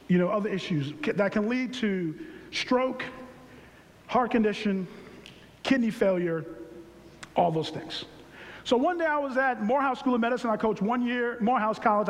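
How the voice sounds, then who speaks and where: A man over forty gives an animated personal testimony with humor and shouted emphasis. His voice sits high for a man. It rings with the long reverb of a large hall. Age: 40s or older. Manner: emphatic, excited and humorous, shouting some words. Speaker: speaker sharing his health story.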